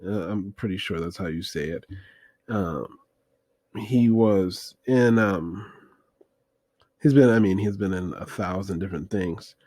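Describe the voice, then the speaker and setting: A man's voice: deep voice, measured pace, pauses often, a little mellow, no echo. A man casually recapping an old film, rambling with many fillers and wry asides. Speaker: movie review host.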